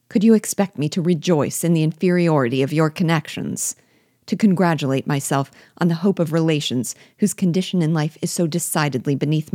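A stiff, haughty gentleman speaks in a low, mellow voice, read by a woman narrator. His manner is formal, clipped and disdainful, and the sound is close and dry. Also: no room sound, close to an everyday voice. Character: proud wealthy gentleman, stiff and cold.

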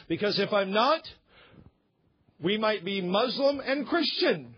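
Emphatic high-voiced man preaching. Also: sing-song, a little slow, breathy edge, lo-fi sound. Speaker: pastor. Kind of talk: sermon.

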